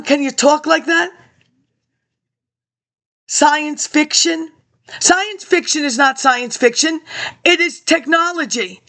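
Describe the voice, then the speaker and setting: High-pitched woman in her fifties, rambling vlog monologue, keeps going off on tangents. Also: fairly bright tone. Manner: rambling, jumps between tangents, addresses viewers directly. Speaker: vlogger.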